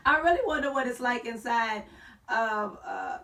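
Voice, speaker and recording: A woman's voice: a little high, lively intonation, normal speed, vocal fry, distant mic. A woman hosting an online talk show, telling a story with playful slang and a sassy, joking manner. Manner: sassy, playful slang, sings and shouts for effect.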